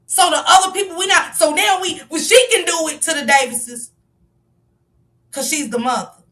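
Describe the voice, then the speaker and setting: A woman's voice: extremely high pitch, moderate pace, a bit bright, recorded from a distance. A woman giving passionate live-stream commentary, firing off rhetorical questions and sometimes raising her voice. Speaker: livestream commentator.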